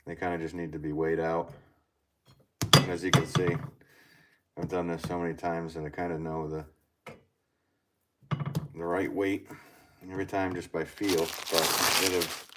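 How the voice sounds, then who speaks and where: A man in his thirties, a potter chatting casually on a live stream while he works, thinking aloud and reading viewers' comments. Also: deep voice. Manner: easygoing, thinks aloud, reads chat comments. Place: pottery studio. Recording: loud background noise with clicks.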